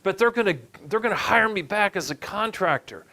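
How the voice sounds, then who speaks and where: A man voicing an excitable woman in her sixties about to retire, quoted in his story in a chatty, eager way. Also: high-pitched, fairly quick, pitched above the performer's own voice, full character voice. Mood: excited.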